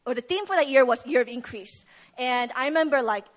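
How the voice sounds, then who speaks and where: Young woman, high voice, casual sermon storyteller with a lot of fillers. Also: brisk. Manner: retells the story with acted quotes, casual fillers. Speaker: speaker at a prayer meeting.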